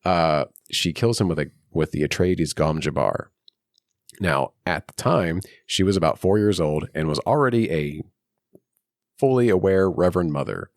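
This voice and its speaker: A man's voice: low voice, animated, moderate pace, no echo, studio quality. A man co-hosting a film podcast, reading out trivia notes and laughing often between them. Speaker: podcast co-host. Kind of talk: casual film podcast chat.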